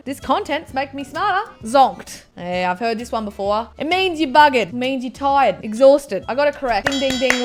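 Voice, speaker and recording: An Australian woman hosts a casual vlog from home in a fairly high voice. She talks in a playful, self-mocking way, swinging from loud outbursts to mutters. Faint music sits under her voice. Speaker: YouTuber host. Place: indoors at home, wrapped in a blanket.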